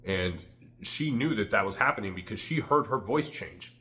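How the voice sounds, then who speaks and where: A man's voice: on the low side, animated, normal speed, sharp tone, a little hiss or hum. A man telling a candid, rambling personal story to the camera, full of "like" fillers. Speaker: vlogger.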